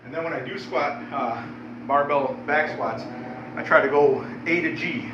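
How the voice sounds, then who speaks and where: A man's voice: on the high side, moderate pace, muffled recording, noisy background. A man vlogging casually at the gym, blunt and joking as he talks between heavy squat sets. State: out of breath. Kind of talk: casual gym vlog talk.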